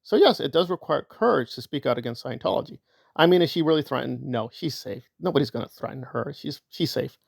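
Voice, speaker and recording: Gravelly, argumentative online commentator. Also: medium pitch, animated, a little fast, dry recording, clean studio sound. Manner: sarcastic, argumentative. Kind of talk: opinion commentary.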